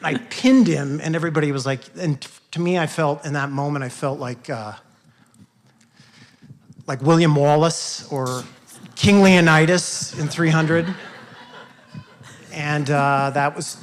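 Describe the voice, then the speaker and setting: A man at a live workshop telling a personal story on stage, talking earnestly in a halting way with many restarts. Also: fairly high pitch, steady tone. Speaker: workshop participant. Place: event hall with audience.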